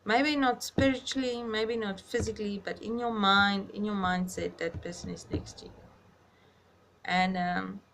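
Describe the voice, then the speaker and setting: Woman, grieving, gravelly fry in the voice, halting, reflective, personal video diary. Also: medium pitch, steady tone, a bit bright, a little hiss or hum. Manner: halting, reflective, searching for words. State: grieving, close to tears. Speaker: vlogger.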